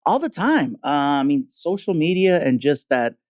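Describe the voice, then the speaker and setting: A man, a comedian and guest, chatting casually and telling animated stories, acting out other people's voices as he goes. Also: on the high side, normal speed, dry recording, studio quality. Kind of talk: casual storytelling chat. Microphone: studio mic.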